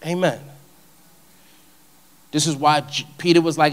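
A man giving an informal, conversational sermon, animated and shifting between soft and loud delivery. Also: fairly high pitch, unhurried, long pauses. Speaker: preacher.

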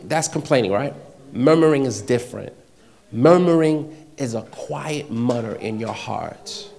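A man preaching a sermon, repeating short phrases and swinging between loud exhortation and hushed, near-whispered passages. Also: mid-range voice, measured pace, vocal fry.

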